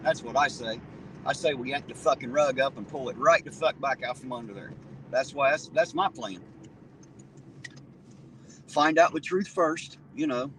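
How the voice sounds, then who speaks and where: A man's voice: mid-range voice, moderate pace, pauses often, a bit bright, slight background noise. A man hosting a casual livestream, talking bluntly and profanely, restarting his sentences as he answers viewers. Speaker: livestream host reading viewer comments.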